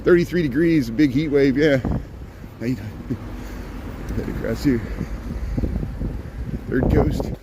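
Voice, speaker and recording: A man's voice: mid-range voice, takes it slowly, long pauses, noisy background. Rambling, sarcastic man streaming from outdoors. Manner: rambling and joking, sarcastic asides, greeting chat viewers. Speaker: livestreaming street-walk host. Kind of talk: chatty live-stream commentary. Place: outdoors on a snowy city sidewalk.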